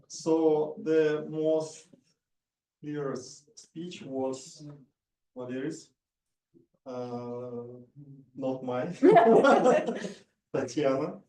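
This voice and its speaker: A man's voice: on the high side, warm tone. A man reporting filler-word counts at a public speaking club, hesitant and full of fillers. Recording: echoey room, distant mic.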